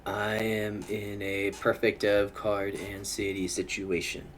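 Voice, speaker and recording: Low-voiced young man streaming a game. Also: monotone, slow pace, slight background noise. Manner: mutters to himself, chuckles often. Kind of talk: casual live gameplay commentary. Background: faint music.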